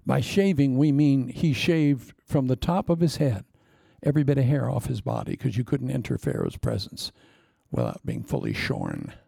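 A man preaching a sermon with lively storytelling, acting out quoted voices along the way. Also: mid-range voice, normal speed, creaky, slightly rough, no room sound.

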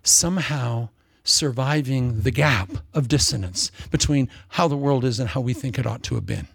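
A man preaching a sermon in a lively, jokey way, acting out quotes in different voices. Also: mid-range voice, normal speed, vocal fry, breathy edge, no room sound, clean studio sound. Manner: animated, jokey, acts out quotes.

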